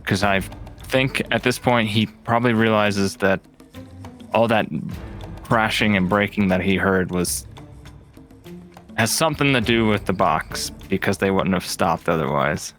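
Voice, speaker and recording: A man with a fairly low voice talks through his character's moves. He is casual and hesitant, working out his next step aloud. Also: measured pace, fairly bright tone, faint music behind. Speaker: player. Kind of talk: casual tabletop game play.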